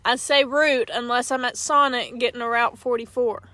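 A woman's voice: a little high, fairly even intonation, normal speed, pushed and bright, dry recording. A woman chatting casually as a podcast co-host inside a car, dropping dry, matter-of-fact quips. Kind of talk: casual chat.

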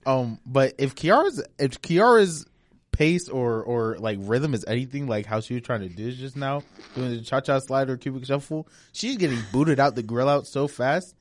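A man's voice: medium pitch, animated, moderate pace, no echo. A young man co-hosting a casual podcast, playful and laughing with friends. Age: young adult. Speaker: podcast co-host. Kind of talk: casual chat.

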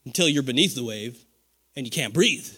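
A man in his forties preaching a sermon, animated, with call-and-response and laughter. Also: medium pitch, fairly quick, slightly rough. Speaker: pastor.

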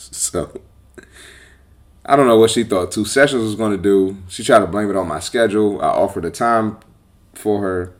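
A man hosting a podcast as a personal trainer, talking bluntly and with profanity in a casual, animated monologue. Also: fairly low pitch, normal speed, long pauses.

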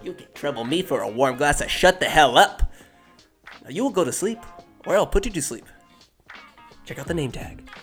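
A man putting on the voice of a nasty orderly at a nursing home, mocking and threatening, lowish voice, the way you would retell a movie scene. Faint music plays somewhere behind him. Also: lively intonation, moderate pace, pauses often, a bit bright, breathy edge.

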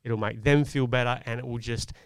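A man's voice: medium pitch, steady tone, brisk, clean tone, no echo, studio quality. A man, telling a personal parenting story in an earnest, reflective way on a casual podcast. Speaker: podcast co-host. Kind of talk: casual chat.

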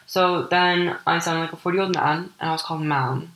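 A teenage girl from Ukraine with a deep voice, hosting a personal podcast and telling her story in a candid, rambling way full of "like" fillers. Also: steady tone, normal speed, a bit bright, reverberant, slight background noise, poor audio. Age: teens. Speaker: podcast host.

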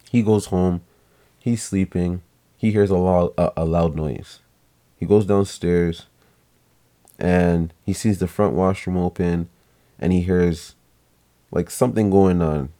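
A young man with a low, mellow voice tells a family story in a loose, rambling way. He swears casually and slips into the voices of the people he quotes. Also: steady tone, a little slow, pauses often.

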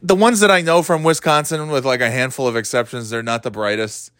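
A man's voice: mid-range voice, steady tone, brisk, fairly bright tone, no echo, studio quality. Profane, rambling male podcast host. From northeastern United States. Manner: rambling, profane, sarcastic ranting. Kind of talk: casual solo podcast monologue.

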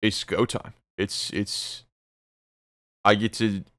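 A man from Illinois co-hosting a casual podcast, excitable and quick to swear. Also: on the low side, no room sound, clean studio sound. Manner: excitable, swearing, sudden outbursts. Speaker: podcast co-host.

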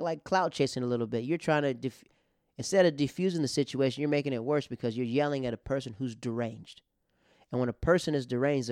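A male comedian rambles through a story in a smooth, resonant voice at an ordinary pitch. The sound is close and dry, with no room around it. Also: a little mellow, no room sound. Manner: rambling with restarts, acting out the other people. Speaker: stand-up comedian. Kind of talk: casual storytelling.

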